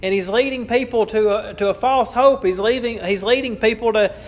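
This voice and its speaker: A man's voice: sits high, brisk. A man preaching a sermon, with an emphatic, repetitive cadence and a touch of wry amusement. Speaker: pastor.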